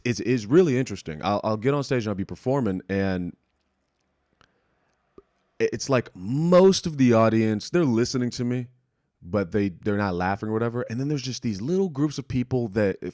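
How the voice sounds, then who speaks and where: A man's voice: on the low side, no room sound, studio quality. A young man hosting a podcast, telling stories in a rambling, profane, self-deprecating way and acting out other people's lines. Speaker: podcast host. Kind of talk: casual storytelling monologue.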